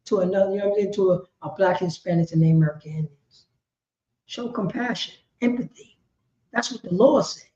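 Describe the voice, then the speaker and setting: A woman teaching a religious law class in an impassioned preaching style, repeating herself with emphasis and swinging between shouts and quiet words. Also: medium pitch, fairly quick. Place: indoor meeting room. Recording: roomy, slightly dull lo-fi sound.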